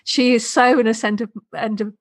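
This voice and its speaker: A woman hosting a podcast, with a fairly high voice. She is chatty and enthusiastic and laughs often. The talk is a casual spiritual conversation. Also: steady tone, normal speed. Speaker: podcast host.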